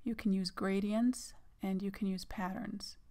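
A woman narrating a software tutorial, explaining each step in a casual, plain way as she clicks through the menus. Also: mid-range voice, steady tone, measured pace. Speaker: online course instructor.

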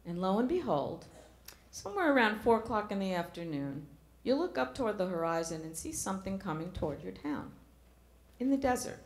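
A middle-aged woman delivers a sermon in a church. She speaks earnestly, often asking her listeners questions. Her voice sits at a typical pitch and carries the echo of the room. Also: big pitch swings, fairly quick. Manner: earnest, rhetorical questions to the congregation. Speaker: preacher.

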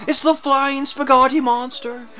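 A man's voice: very high-pitched, steady tone, a little slow, pushed and bright, soft background music, voice pushed up, heavily acted. A man voicing a dim-witted, grandiose male short order cook who is boastful but sheepish when scolded.

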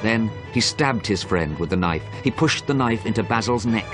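Deep-voiced male storyteller. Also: animated, normal speed, over music. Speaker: narrator. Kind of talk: scripted narration of a graded story.

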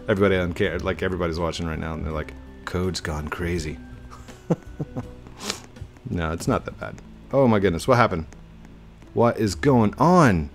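A young man giving chatty, excitable live commentary while he plays a game, breaking into baby talk with his in-game dog. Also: low voice, a little slow, long pauses, soft background music. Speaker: gaming streamer. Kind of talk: casual live gameplay commentary. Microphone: desk mic with webcam.

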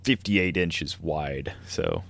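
A man's voice: a bass voice, wildly swooping pitch, slow, vocal fry, a bit bright. A man co-hosting a podcast, rambling through a casual story and laughing often. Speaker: podcast co-host. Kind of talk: casual chat.

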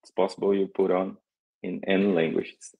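A man from Brazil with a Brazilian Portuguese accent, presenting a live coding demo in halting English, searching for words. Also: low voice, little pitch movement, vocal fry, mellow, slightly rough, poor audio.

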